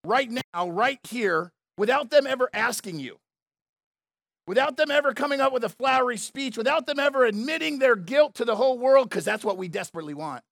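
High-voiced man preaching emphatically. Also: lively intonation, a little fast, vocal fry, a bit bright, dry recording, studio quality. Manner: emphatic, repetitive, conversational preaching with asides to the crowd. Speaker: pastor. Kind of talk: sermon.

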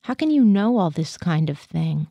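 Uma mulher fazendo um psiquiatra militar cético e inquisidor. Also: female voice, on the low side, big pitch swings, normal speed, vocal fry, mellow, no echo, heavily acted. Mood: questioning. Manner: probing, dryly questioning. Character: skeptical male military psychiatrist.

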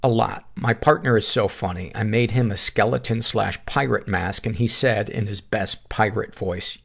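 Man, middle-aged, low-pitched, gravelly, podcast host reading listener notes, wry asides. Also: moderate pace. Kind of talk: reading listener submissions aloud.

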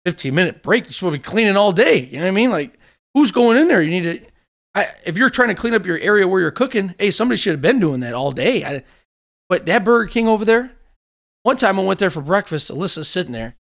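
A man with a slightly high voice tells long stories in casual chat, swearing often and getting worked up as he goes. He talks in an animated, loose way. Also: quick pace, vocal fry. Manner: animated storyteller, swears freely.

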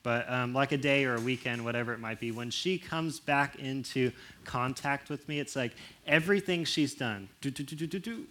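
A young man talking casually to an audience about relationships. He acts out quoted voices with big jumps in pitch and drops soft and low for serious points. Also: normal speed. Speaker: speaker on relationships.

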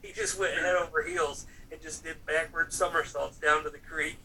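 Bright-voiced man telling profane stories. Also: on the high side, fairly even intonation, normal speed, slight background noise. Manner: loose, profane storytelling full of fillers and acted-out quotes. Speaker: storyteller in a casual chat. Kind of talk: casual chat. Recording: voice picked up from some distance, faint room ambience.

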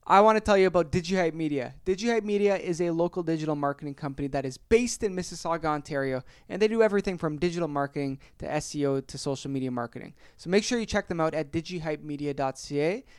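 A young man hosting his podcast, energetic and upbeat, reading sponsor plugs. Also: a little high, clear, resonant tone, no room sound, studio quality. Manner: energetic, upbeat, quick ad delivery. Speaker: podcast host. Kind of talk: casual podcast intro with ad reads.

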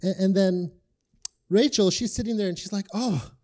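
A man preaching a relaxed, conversational sermon. His voice sits high but sounds mellow and soft-edged. He leans on rhetorical questions and casual fillers. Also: normal speed.

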